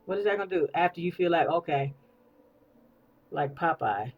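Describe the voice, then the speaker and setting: Animated woman in her fifties vlogging. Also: low voice, normal speed, long pauses, highs cut off. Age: 50s. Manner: animated storyteller, repeats phrases, checks in with listeners. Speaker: beauty vlogger. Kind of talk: casual get-ready-with-me talk.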